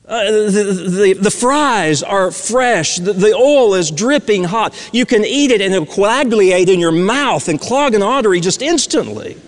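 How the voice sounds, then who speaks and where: Male preacher, high voice; storytelling sermon; reverberant sanctuary sound. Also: animated, a little slow, few pauses. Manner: storytelling, swings from loud emphasis to hushed near-whispers.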